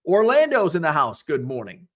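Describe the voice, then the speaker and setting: A man's voice: fairly high pitch, huge pitch swings, normal speed. A man hosting a sports card livestream, chatting loosely, telling rambling stories, swearing casually, and reading viewers' comments aloud. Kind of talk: casual livestream chat and storytelling.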